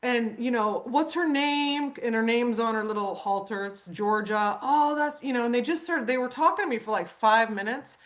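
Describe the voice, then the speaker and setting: A lively woman with a fairly high voice, hosting a relaxed group call about horses. She tells stories with energy and leaps up in pitch when she acts out what people said. She is middle-aged and chats easily. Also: a little fast, hardly any pauses. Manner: animated storyteller, acts out quotes with big pitch jumps. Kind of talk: casual group video call chat.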